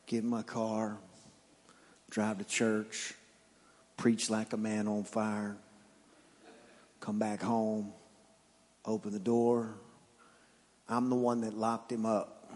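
A man who is a pastor, preaching a sermon in an animated storytelling manner that moves from playful to earnest. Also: fairly low pitch, takes it slowly, pauses often, long reverb tail.

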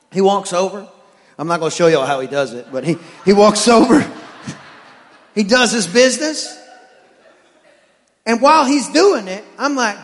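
With a high, animated, slightly bright voice, a man delivers a sermon a little fast, telling jokes and taking on the voices of the people he describes. He's a pastor in a church sanctuary, and the long hall reverb is clearly audible.

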